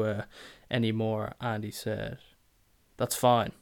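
A man's voice: lowish voice, steady tone, moderate pace, creaky, long pauses. A man hosting a podcast, telling a sweary, exasperated story and acting out both sides of the exchange. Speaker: podcast host. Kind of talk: casual storytelling rant.

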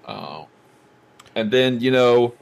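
A man co-hosting a casual movie podcast, telling the story of each scene with plenty of energy. His voice sits in an ordinary middle register, and now and then it jumps high in excitement as he acts out what happened. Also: slow, gravelly. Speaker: podcast co-host. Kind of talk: casual movie review chat.

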